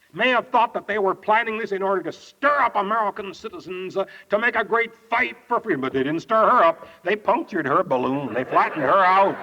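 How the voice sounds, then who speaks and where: An older man preaching a sermon, telling stories in a folksy, animated way. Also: sits high. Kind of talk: storytelling sermon. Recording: dull lo-fi archive tape.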